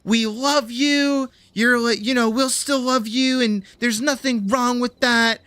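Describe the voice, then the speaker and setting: A man's voice: extremely high pitch, fairly even intonation, sharp tone, smooth, no echo, pitched above the performer's own voice, full character voice. A man doing a gushing, doting mom. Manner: slow, effusive reassurance. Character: gushing supportive mother, middle-aged.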